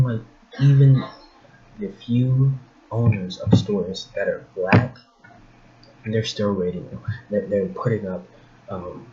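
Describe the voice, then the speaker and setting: A man's voice: on the low side, a little mellow. A man giving a rambling casual rant to camera, often restarting his sentences and getting heated and incredulous. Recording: dull lo-fi with faint hiss.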